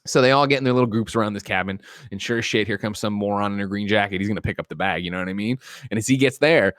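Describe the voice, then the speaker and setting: A man's voice: lowish voice, very fast, fairly bright tone, no echo, studio quality. A man hosting a podcast, recapping a film in a casual chat, acting out the characters as he goes, with swearing. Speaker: podcast host. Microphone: desk microphone.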